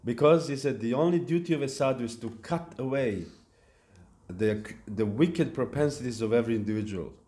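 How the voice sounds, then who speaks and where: A man giving a devotional lecture at a temple, speaking in a halting way with fillers and restarts. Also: mid-range voice, mellow. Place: temple hall.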